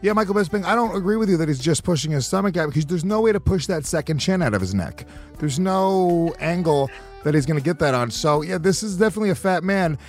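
A man's voice: a little high, expressive, fast, soft background music. Crude, mocking male podcast co-host. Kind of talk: casual comedic banter.

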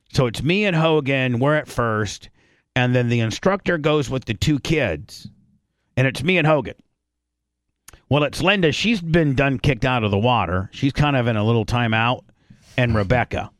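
A man's voice: mid-range voice, lively intonation, moderate pace, no echo, clean studio sound. A man hosting a podcast, telling stories in a blunt, profane, rambling casual chat. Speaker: podcast host.

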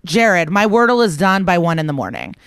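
Female comic guest, smooth clear voice, chatty and self-mocking, dry studio sound. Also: lowish voice, very animated, a little fast, a bit bright, no echo. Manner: chatty, self-deprecating storytelling. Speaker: comedian guest. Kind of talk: casual comedic chat.

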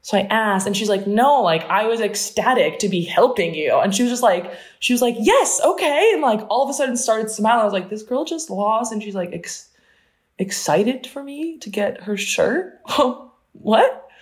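A young woman from New Jersey, an Olympic fencer, telling stories fast and animatedly in a casual interview, full of "like" and laughs. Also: mid-range voice, lively intonation. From New Jersey, USA. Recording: roomy echo.

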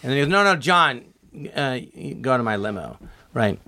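A man's voice: mid-range voice, expressive, moderate pace, pushed and bright, no echo. An older man, a guest on a talk show, telling stories casually and acting out quoted voices with animation. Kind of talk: casual storytelling.

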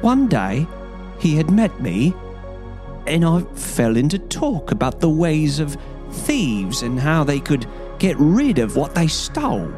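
A man reading an audiobook, voicing a cringing, panicked young male thief with a crackling voice who begs in a high, strained tone. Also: very animated, takes it slowly, a little mellow, soft background music. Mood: confessing. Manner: begging, high-strung, voice leaping upward. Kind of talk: audiobook character voice.

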